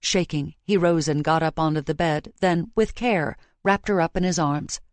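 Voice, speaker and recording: A woman reading a romance audiobook in a measured, emotive way, close to the microphone. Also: low voice, dry recording. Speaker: audiobook narrator. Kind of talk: scripted romance narration. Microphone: close studio mic.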